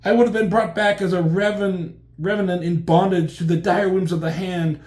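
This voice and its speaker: Man doing a high, melodramatic woman warrior. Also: fairly even intonation, normal speed, darkish tone, lightly acted. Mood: dramatic. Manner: grandiose archaic delivery.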